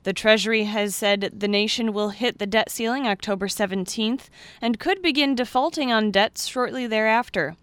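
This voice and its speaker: A woman anchoring a radio farm news program, reading the stories in a steady, measured way. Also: a little high, clear, resonant tone, dry recording. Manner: steady, measured newsreader delivery.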